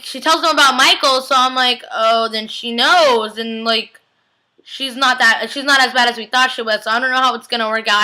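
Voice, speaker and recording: Her voice a little high, a young woman chats casually through a recap of a TV episode. She's excitable, leans heavily on "like," and performs the reactions as she describes them.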